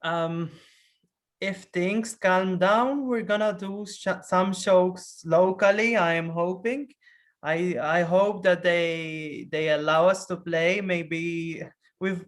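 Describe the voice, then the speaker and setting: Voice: mid-range voice, fairly bright tone. A rock guitarist from Malta with a Maltese accent, chatting in an interview and often restarting sentences. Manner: hesitant, with frequent restarts and laughter. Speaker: rock band guitarist, guest. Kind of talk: casual interview chat.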